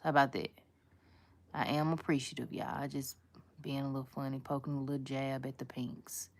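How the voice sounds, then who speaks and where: A woman's voice: very deep voice, little pitch movement, fairly quick. Sassy chatty woman doing her nails. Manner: chatty, sassy, talks straight to viewers with slang. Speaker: nail content creator. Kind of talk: casual nail tutorial chat.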